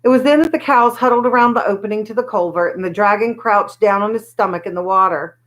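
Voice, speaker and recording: A woman's voice: mid-range voice, fast talker, poor audio. Woman reading a children's story aloud. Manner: lively, expressive storytelling. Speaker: storybook reader.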